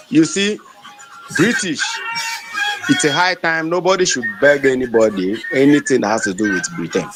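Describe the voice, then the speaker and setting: A man giving a fiery, defiant speech in a live audio discussion, repeating himself and at times shouting, recorded on a phone. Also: medium pitch, rough recording. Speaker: activist speaker. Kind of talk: impassioned live-audio rant.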